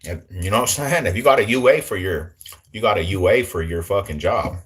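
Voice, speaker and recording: Young male streamer, deep low voice, casual and joking, lots of slang, talks straight to chat. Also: brisk, a bit bright. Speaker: livestream host.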